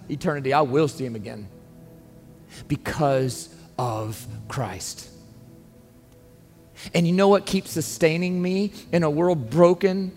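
A man's voice: sits high, fairly bright tone. A man preaching a sermon as pastor, earnest and emphatic, pleading with his listeners. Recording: long reverb, faint music underneath.

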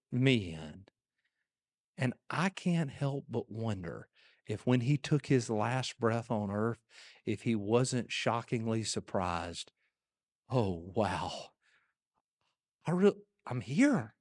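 A male pastor preaches a sermon in a conversational yet emphatic style, frequently repeating words. His voice is a little high with a darkish tone, and a long echo fills the church hall.

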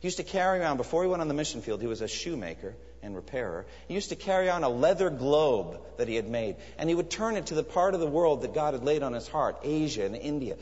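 A man's voice: fairly high pitch, sing-song, fast talker, hardly any pauses, darkish tone. A man preaching a sermon in an earnest, emphatic way, pressing his listeners with searching questions. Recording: echoey hall, dull lo-fi sound.

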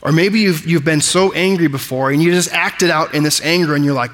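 Pastor, male, higher-than-average voice; emphatic preaching style, recorded with lingering room reverb. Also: a little fast, fairly bright tone. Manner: emphatic preaching, explains Greek words. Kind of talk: sermon.

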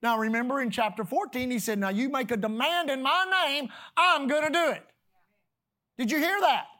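Preacher, sermon, emphatic, loud-to-hushed swings, slow deliberate scripture reading, call-and-response. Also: high voice. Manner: reads scripture slowly and deliberately; calls on the congregation to repeat words.

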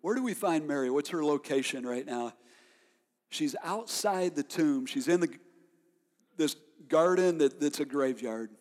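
A man preaching a sermon as pastor, emphatic, swinging from loud declarations to quiet reflection and asking his listeners questions. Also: a little high, animated, unhurried. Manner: asks the listeners rhetorical questions. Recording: long reverb of a large hall.

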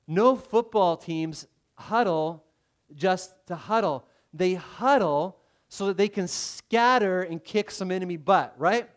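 Conversational pastor, slightly high voice. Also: male voice, takes it slowly. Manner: conversational preaching, acts out quoted voices, many restarts. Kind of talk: sermon.

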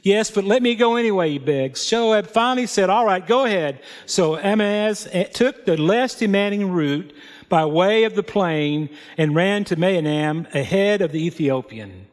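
A man's voice: sits high, animated. A man preaching a sermon, reading scripture and adding plain, folksy comments. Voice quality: unhurried, plain spoken storytelling with folksy asides. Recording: long hall reverb.

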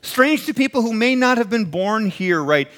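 This is a man preaching a sermon. His voice sits high and swings all over the place as he tells stories in a conversational way. He acts out the voices of the people in his stories. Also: moderate pace. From American Midwest. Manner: animated storytelling, acts out quoted voices, chuckles. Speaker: pastor.

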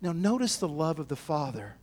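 High-voiced man preaching with big dynamic swings. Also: a little fast. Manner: swings from quiet and low to loud shouted excitement; acts out the people in the parables. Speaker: pastor. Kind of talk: sermon.

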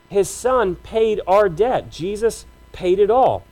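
A man with a notably high voice for a male speaker delivers a sermon from the pulpit. He talks to the congregation in a conversational, emphatic way, piling up short repeated phrases. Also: expressive, unhurried, hardly any pauses, low-quality recording. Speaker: pastor.

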